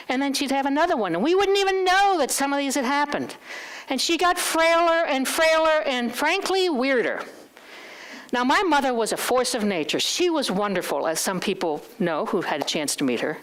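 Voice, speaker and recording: Animated middle-aged woman telling a story. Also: high voice. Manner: candid, animated, acts out dialogue. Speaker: guest speaker at a church. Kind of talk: personal storytelling talk.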